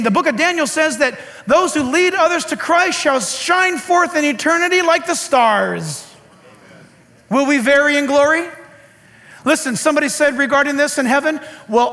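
A man preaching a sermon in an animated, joking way, with sarcastic asides to the congregation. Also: very high-pitched. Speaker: pastor.

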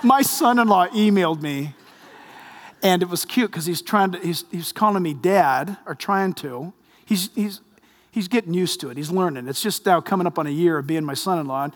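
A man in his fifties, a pastor preaching a sermon with lively storytelling and jokes. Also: high-pitched, moderate pace. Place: large church hall. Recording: long hall reverb.

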